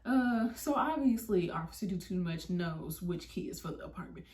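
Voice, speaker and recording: A young woman vlogger telling a story, animated and slangy. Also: lowish voice, moderate pace, few pauses. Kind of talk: storytime vlog. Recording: roomy, mic at a distance.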